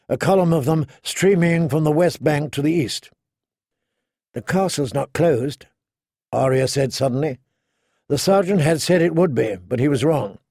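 Male storyteller, fantasy narration, raised pitch, dry close sound, deliberate dramatic pacing. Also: mellow, dry recording. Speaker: audiobook narrator.

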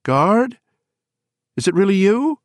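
A man doing Bobby, a shrill, quavering, wasted woman. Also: expressive, moderate pace, no echo, natural voice. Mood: wavering. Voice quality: shrill, wavering, croaking. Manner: trembling, breathless with exhaustion. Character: gaunt, exhausted woman with a shrill, wavering voice. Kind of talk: audiobook character voice.

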